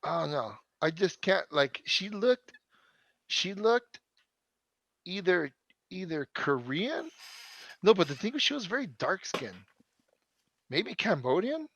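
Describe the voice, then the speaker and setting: A man's voice: high voice, big pitch swings, slow pace, vocal fry, long pauses, a bit bright, no echo. A young man rambling through a profane story in casual podcast chat. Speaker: podcast co-host.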